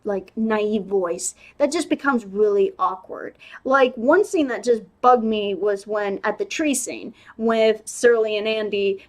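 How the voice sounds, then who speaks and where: A young woman giving a casual spoken movie review, chatty and animated, with lots of "like"s and restarts. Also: mid-range voice.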